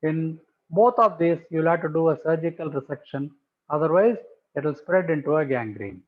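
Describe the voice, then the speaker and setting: A man's voice: on the high side, expressive, normal speed. Man lecturing pathology, tinny phone-like sound. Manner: methodical, repeats key terms for emphasis. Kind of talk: explanatory medical lecture over slides.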